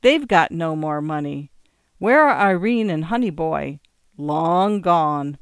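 A man reading a story aloud, voicing a fed-up bartender who yells at a drunk customer to leave. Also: on the high side, lively intonation, slow pace, clean tone, dry recording, studio quality, exaggerated voice. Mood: shouting fed-up. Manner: yelling, fed up. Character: drunk, angry male bartender at closing.

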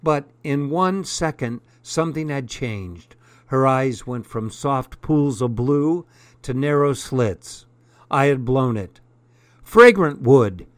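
A man reads a first-person story aloud at a notably slow, deliberate pace. His voice sits in an ordinary middle pitch. The recording is close and dry, with no room echo. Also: clear, resonant tone. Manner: unhurried, deliberate reading. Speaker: audiobook narrator.

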